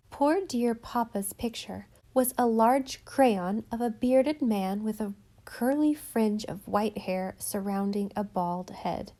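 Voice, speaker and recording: A woman narrating a story in a measured, even reading voice. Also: fairly high pitch. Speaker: audiobook narrator. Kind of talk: scripted narration.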